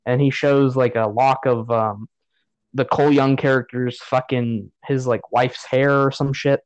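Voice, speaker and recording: A man's voice: medium pitch, steady tone, measured pace, clear, resonant tone, no room sound, poor audio. A man on a podcast giving a profane, sarcastic rant about a movie in casual chat. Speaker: podcast host.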